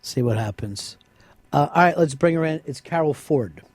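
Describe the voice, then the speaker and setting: A man's voice: fairly high pitch, expressive, normal speed. A man hosting a radio talk show, teasing and joking with his guests.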